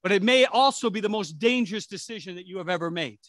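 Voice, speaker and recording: A man's voice: high voice, animated, fast, fairly bright tone, no echo. A middle-aged man preaching a sermon as pastor, conversational and rambling, with restarts and asides.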